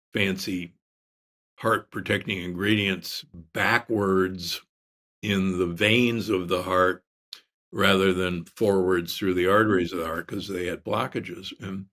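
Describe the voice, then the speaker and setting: An older man speaks in a low voice with a bright, forceful edge. As an interview guest, he tells stories with animation and keeps restarting his sentences. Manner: animated storyteller with many restarts. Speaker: guest, doctor. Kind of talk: casual interview storytelling.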